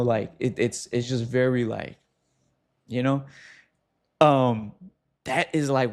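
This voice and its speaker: Man, mid-pitch and gravelly, casual advice-talk host, animated delivery. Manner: animated, talks straight to viewer with quick asides.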